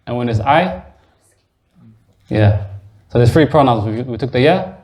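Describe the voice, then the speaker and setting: A man teaches a grammar class in a mosque classroom, his voice sitting at an ordinary middle pitch. He explains patiently step by step, repeats each word, and turns to quiz his students as he goes. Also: animated, measured pace, a little mellow. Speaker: Arabic teacher.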